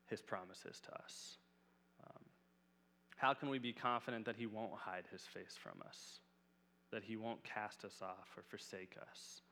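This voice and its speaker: A man's voice: fairly low pitch, fairly bright tone. Earnest male preacher in a reverberant hall. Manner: earnest, casual with fillers. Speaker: Bible teacher. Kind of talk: conversational sermon.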